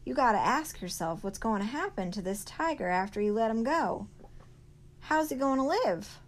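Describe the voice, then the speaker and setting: A woman's voice: fairly high pitch, animated, normal speed, voice pushed up, lightly acted. Woman reading as a blunt, plainspoken older woman.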